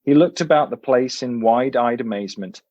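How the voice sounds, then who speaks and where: Guy reading his own storybook aloud, relaxed and expressive, dry close sound. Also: medium pitch, moderate pace, no room sound, lo-fi sound. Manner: relaxed and expressive, some uh fillers. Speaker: author and guest. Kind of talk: reading his book aloud, then chatting.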